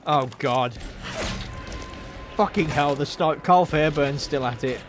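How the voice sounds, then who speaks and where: A man giving live, excitable commentary while playing a video game, reacting loudly, swearing and laughing often. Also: a little high, slow pace, music in the background. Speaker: streamer.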